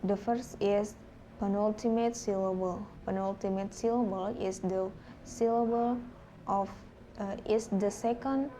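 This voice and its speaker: Woman, classroom presentation, slow, mellow tone, halting with fillers, faint background noise. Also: mid-range voice, steady tone. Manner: halting, with fillers and self-corrections.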